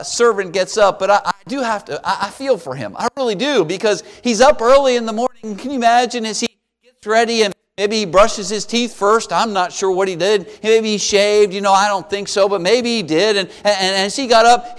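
A man preaching a sermon, retelling a Bible story with lively acted-out voices. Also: high voice, long reverb tail. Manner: animated storytelling, acting out voices of biblical figures.

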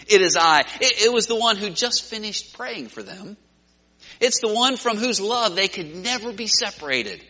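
A man preaching a sermon, swinging from hushed tones to loud, dramatic storytelling. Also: sits high. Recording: long hall reverb.

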